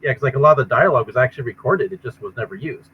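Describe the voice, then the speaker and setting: A man's voice: mid-range voice, lively intonation, very fast, lo-fi sound, slight background noise. A man running a tabletop game, chatting casually and restarting and repeating words as he goes. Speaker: game master and game designer. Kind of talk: casual chat between tabletop players.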